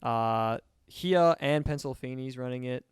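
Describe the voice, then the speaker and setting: A young man, a student, asks a comedian questions in a relaxed, chatty way with plenty of fillers. His voice is clear and mid-range. The recording is dry and close. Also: mid-range voice, measured pace, no room sound. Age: young adult. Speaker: student interviewer. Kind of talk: casual interview.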